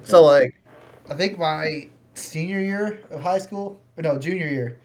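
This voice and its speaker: A laid-back man co-hosts a podcast, chatting loosely with laughs and swearing. His voice sits a little above the usual male pitch. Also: measured pace, slight background noise. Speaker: podcast co-host. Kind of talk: casual chat.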